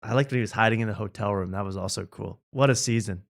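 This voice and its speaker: A man's voice: fairly low pitch, fast, vocal fry. A man hosting a late-night show, chatting casually and joking about clips, often laughing. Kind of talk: casual chat reacting to clips.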